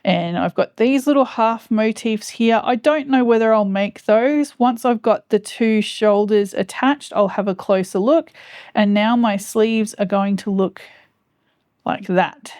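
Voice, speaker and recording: A woman's voice: medium pitch, a little slow, darkish tone, no echo, studio quality. A woman crochet vlogger chatting casually as she explains each step of her project. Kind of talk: casual how-to narration.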